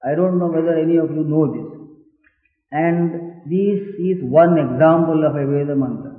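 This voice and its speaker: A man's voice: fairly high pitch, steady tone. Man lecturing and chanting in an echoey hall. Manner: patient, deliberate explanation, breaking into slow Vedic chant. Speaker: spiritual teacher. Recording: echoey hall on a tinny, phone-like archival recording.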